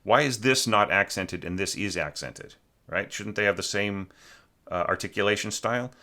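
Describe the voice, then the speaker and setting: A man with a low, bright and forceful voice, going through a student's orchestration. He talks loosely, with plenty of fillers, and now and then sings a phrase to show what he means. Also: normal speed. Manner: chatty, full of fillers, sings phrases to illustrate. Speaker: orchestration teacher reviewing student scores. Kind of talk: informal spoken critique of a score.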